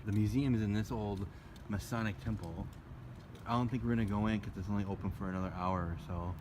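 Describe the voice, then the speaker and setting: A man talks loudly and jokes while co-hosting a road-trip vlog. He keeps tossing in "dude" to his travel partner. Engine and road noise fill the car around him. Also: lowish voice, steady tone, quick pace. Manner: loud, joking, says "dude" a lot. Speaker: travel vlogger, co-host. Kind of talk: casual road-trip chat. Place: in a moving car and outdoors. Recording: noisy car interior.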